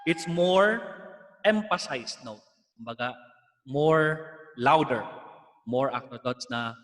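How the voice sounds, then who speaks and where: A man's voice: mid-range voice, takes it slowly, a bit bright, long reverb tail. A man with a Filipino accent teaching an online music lesson, explaining patiently and slipping in Tagalog asides.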